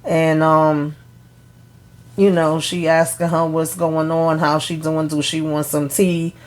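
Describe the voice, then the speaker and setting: Recapping a TV episode line by line, a woman vlogger chats casually with plenty of fillers, blanks on names, and laughs at herself. She speaks slowly in a low, flat, darkish voice.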